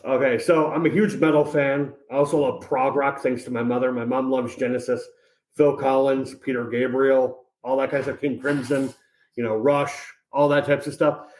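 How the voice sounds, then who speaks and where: A man chatting as a podcast guest, telling stories in an energetic, upbeat way with lots of fillers. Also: mid-range voice, normal speed. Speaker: podcast guest, college advisor. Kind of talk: casual interview chat. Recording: roomy echoey sound.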